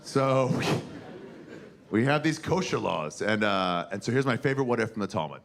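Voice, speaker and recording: Crude stand-up comic with a gravelly voice. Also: male voice, on the low side, moderate pace. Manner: crude, animated storytelling, acts out characters. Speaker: stand-up comedian. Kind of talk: stand-up comedy set. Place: theater stage before a live audience. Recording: noisy live room with audience laughter.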